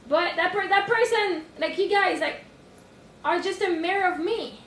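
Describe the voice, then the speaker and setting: A woman life coach on a livestream from home, thinking aloud with sudden excited outbursts and cooing at her puppy. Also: very high-pitched, moderate pace, echoey room, recorded from a distance, slight background noise. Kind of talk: livestream self-reflection. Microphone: phone.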